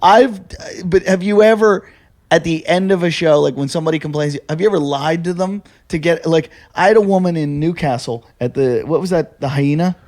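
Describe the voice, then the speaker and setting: A male comedian co-hosting a podcast, telling stories in casual chat, animated and quick to laugh, with frequent swearing. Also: fairly high pitch.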